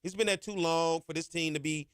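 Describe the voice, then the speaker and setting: A man hosts a college sports talk show, animated and full of rhetorical jabs. His voice sits a bit high for a man. The sound is dry and close. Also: a little fast, clear, resonant tone, dry recording. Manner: animated, trash-talking, rhetorical questions. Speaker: podcast host.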